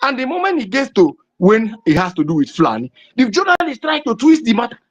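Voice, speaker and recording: A man's voice: very high-pitched, huge pitch swings, quick pace. A man from southeastern Nigeria with a Nigerian English accent, giving an impassioned political address with emphatic, repetitive rhetoric. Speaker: political activist. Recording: dull lo-fi recording.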